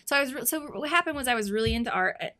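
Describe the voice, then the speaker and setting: A woman's voice: on the high side, expressive, very fast, pushed and bright. A woman chatting casually as a guest, giggly with dry, understated replies. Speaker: guest, host's wife. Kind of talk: casual chat.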